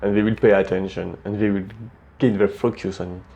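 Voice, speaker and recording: A young man with a French accent talks through tips for public speaking in a relaxed, plain way. His voice sits fairly low and sounds dark and mellow. He often catches himself and restarts a word. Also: a little fast, lo-fi sound. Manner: relaxed and plain-spoken, frequent small restarts. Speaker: presenter giving speaking tips. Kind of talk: casual instructional talk.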